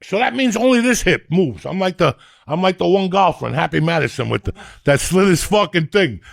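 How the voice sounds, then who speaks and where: A middle-aged man, telling crude comic stories in a loud, profane, animated way. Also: sits high, brisk, vocal fry, no echo. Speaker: comedian and podcast host.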